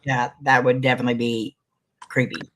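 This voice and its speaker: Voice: medium pitch, fairly quick. A host in a casual interview, reading viewer questions aloud and answering with short agreeing replies. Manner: relaxed, reads out chat questions, brief agreeing replies.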